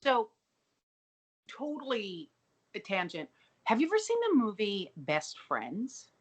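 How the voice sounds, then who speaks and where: Profane, animated woman podcast co-host. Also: medium pitch, slow, slightly rough. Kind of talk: casual comedic recap chat.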